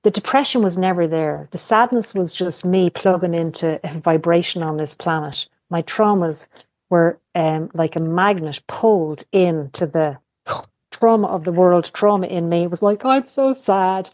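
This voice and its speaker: A woman's voice: fairly low pitch, normal speed, darkish tone, no room sound. A middle-aged woman, a podcast guest, talking candidly in casual conversation, telling personal stories and swearing freely. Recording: dull lo-fi podcast audio.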